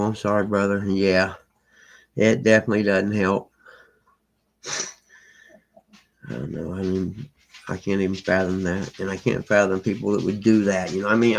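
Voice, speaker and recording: Man, casual live-stream chat, rambling and easygoing, gravelly voice, lowish pitch. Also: rough recording. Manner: rambling, laid-back, chats to viewers by name. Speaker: livestream host reading chat.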